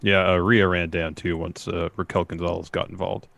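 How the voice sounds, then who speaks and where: A man's voice: low voice, little pitch movement, normal speed, vocal fry, fairly bright tone. A man co-hosting a wrestling podcast, recapping segments and paraphrasing what was said, with many "uh"s. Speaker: podcast co-host.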